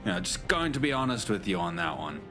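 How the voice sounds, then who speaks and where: A man's voice: fairly low pitch, big pitch swings, fast, music in the background. A man live-streaming, chatting casually and jokingly with his chat, with many restarts.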